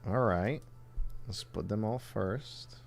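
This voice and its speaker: Gravelly low-voiced man thinking aloud. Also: slow pace. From southern United States. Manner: rambling, thinks aloud, trails off and restarts. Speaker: tech reviewer building a phone kit on a livestream. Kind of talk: casual livestream chat while soldering.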